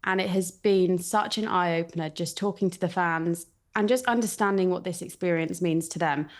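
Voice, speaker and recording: A woman's voice: on the low side, normal speed. A woman, a football reporter giving earnest, enthusiastic analysis in a casual chat.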